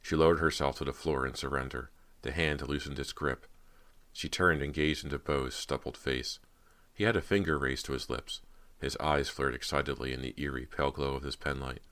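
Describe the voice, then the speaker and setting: A man narrating a horror audiobook in an even, measured way. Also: rumbling low.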